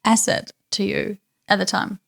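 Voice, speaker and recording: A woman's voice: mid-range voice, little pitch movement, normal speed, creaky, a bit bright. A woman hosting a podcast interview, prompting her guest with encouraging questions. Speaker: podcast host. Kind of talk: casual interview.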